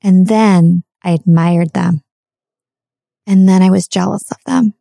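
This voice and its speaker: A middle-aged woman speaking in a low, mellow voice with a gravelly edge. She tells a personal story earnestly, repeating phrases and dwelling on words. The sound is close and dry, with no room around it. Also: fairly even intonation, dry recording. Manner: earnest, repetitive, slows for emphasis.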